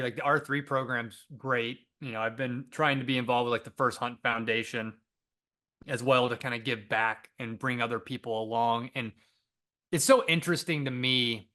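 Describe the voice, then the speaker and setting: A young adult man, a podcast guest and author, telling a story in a conversational way and acting out the dialogue he quotes. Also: mid-range voice. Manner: animated, acts out quoted dialogue.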